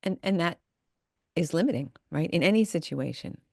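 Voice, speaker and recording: A woman's voice: lowish voice, lively intonation, normal speed, vocal fry, dry recording, clean studio sound. A woman hosting a podcast, agreeing and thinking aloud with her guest. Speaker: podcast host. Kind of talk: casual interview.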